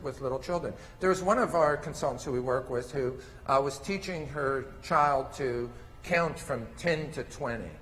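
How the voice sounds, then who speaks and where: A man's voice: sits high, big-room sound, slight background noise. A man presenting a conference session, explaining step by step as he demonstrates with toys. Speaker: conference presenter on mand training. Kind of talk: lecture with live demonstration.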